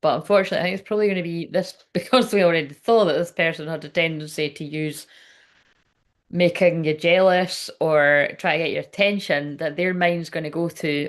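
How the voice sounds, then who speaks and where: A woman's voice: sits low, steady tone, fairly quick. A woman giving a casual tarot reading, chatty and frank, swearing often and laughing as she talks. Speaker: tarot reader.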